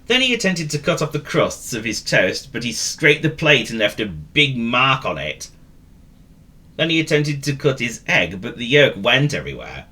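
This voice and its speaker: A man with a mid-range voice reads a classic children's storybook at a moderate pace, his very lively voice swooping up and down. His tone is bright and crisp, and he teases the listener with playful asides.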